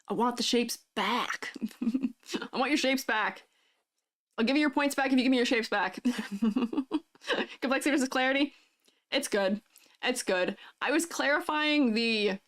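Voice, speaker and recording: A woman streaming live, chatting casually and reading out chat messages, laughing often between lines. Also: fairly high pitch. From United States. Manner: giggly, chatty, answers chat messages aloud.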